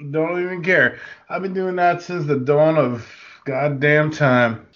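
A man's voice: a little high, fairly even intonation, a little slow, a bit bright, highs cut off. A man co-hosting a podcast, joking and playful in casual comedy banter, fond of odd words. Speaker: podcast co-host.

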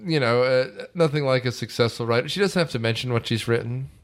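A man's voice: medium pitch, brisk. Man, podcast co-host, casual film chat, rambling, lots of ums. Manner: rambling, frequent fillers and asides.

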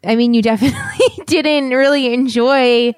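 A woman's voice: a little high, steady tone, moderate pace, clean tone, no room sound, clean studio sound. A young woman co-hosting a casual travel chat, teasing and laughing easily, with lots of "like". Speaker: travel podcast co-host.

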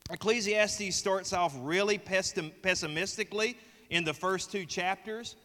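A man's voice: high voice, moderate pace, sharp tone. A man with a Southern US accent preaching a sermon, folksy and joking as he polls the congregation. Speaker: pastor. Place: church sanctuary. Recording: long reverb of a church hall.

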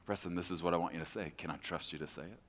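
A preacher doing a soft, low divine inner voice. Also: male voice, steady tone, very fast. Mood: gentle. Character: gentle inner divine voice, male, calm. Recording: echoey hall with long reverb.

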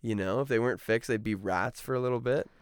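A man's voice: mid-range voice, fast, clean tone, no room sound, clean studio sound. A young man co-hosting a podcast, chatting casually with lots of swearing and easy banter. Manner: profane, laid-back banter. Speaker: podcast co-host. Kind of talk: casual chat.

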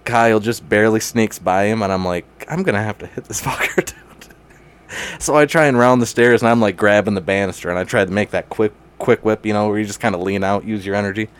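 A young man with a fairly low voice tells a story in loose, casual chat. He laughs a lot, swears freely and keeps throwing in "dude." He speaks as a guest catching up with a friend. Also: a little fast, smooth.

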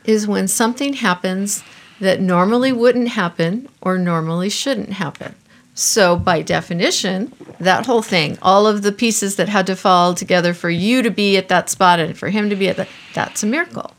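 A woman hosting a casual podcast adds a few reflective thoughts. She speaks gently at an ordinary pitch for a woman. She sounds thoughtful and at ease. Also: normal speed. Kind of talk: casual conversation.

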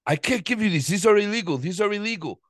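A man mimicking an agitated older male photo clerk with an Indian accent, yelling in alarm. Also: high-pitched, animated, fast talker, dry recording, clean studio sound, pitched above the performer's own voice.

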